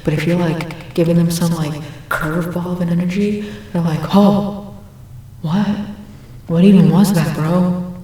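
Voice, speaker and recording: A woman's voice: fairly low pitch, fairly even intonation, measured pace, mellow, distant mic, slight background noise, close to an everyday voice. A woman playing a laid-back groovy 1960s hippie man in an ASMR role-play, rambling and drawling. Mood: spacey. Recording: echoey room, off mic.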